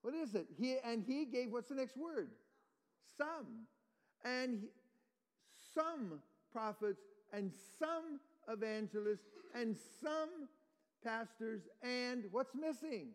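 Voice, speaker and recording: A man's voice: very high-pitched, animated, takes it slowly, long reverb tail. A man preaching an expository sermon as pastor, explaining scripture verse by verse and quizzing the congregation.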